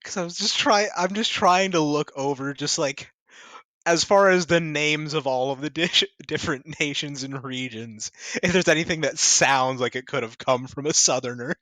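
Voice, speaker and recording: A player at a tabletop game, talking quickly and casually. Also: mid-range voice, dry recording. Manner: quick, animated, laughs often.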